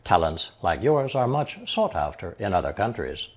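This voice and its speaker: A man narrating a scripted language lesson, slowly reading example sentences and then translating each one. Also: low-pitched, very animated. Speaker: language teacher.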